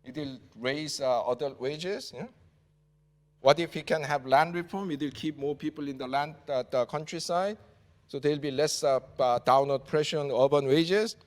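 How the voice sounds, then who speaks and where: A man's voice: a little high, normal speed, darkish tone. A man from South Korea with a Korean accent gives a university lecture in English. He talks with many "uh" fillers and ends points with a questioning "yeah?". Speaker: guest lecturer. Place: large lecture hall. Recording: reverberant lecture hall.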